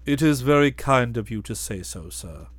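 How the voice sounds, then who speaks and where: A man voicing a deferential, unflappable valet who speaks in a measured, formal way. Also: medium pitch, expressive, dry recording, lightly acted. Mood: composed. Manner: measured and formal, trailing off softly on each "sir".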